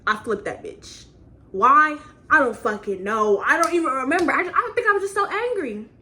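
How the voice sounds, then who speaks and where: Animated young woman telling a story. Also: high voice, moderate pace. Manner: animated, profane, repeats phrases for emphasis. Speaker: vlogger. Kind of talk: casual story time. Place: home, indoors.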